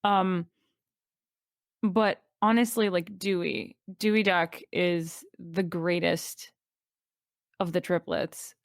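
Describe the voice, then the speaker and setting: A woman's voice: lowish voice, steady tone, takes it slowly, vocal fry, pauses often, no room sound, studio quality. A woman guest on a podcast, talking enthusiastically in casual chat, rambling with many fillers.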